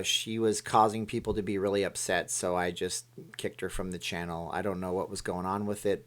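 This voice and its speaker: A man's voice: fairly low pitch, pushed and bright. A man hosting a casual live stream, rambling as he reads viewer comments aloud and answers them.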